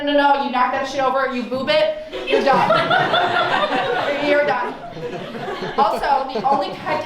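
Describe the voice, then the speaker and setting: With a high-pitched, fairly bright voice, a young woman tells sarcastic, playful stories as part of a stand-up comedy set. She's in a campus forum room with an audience whose laughter can be heard. The sound is distant and echoey.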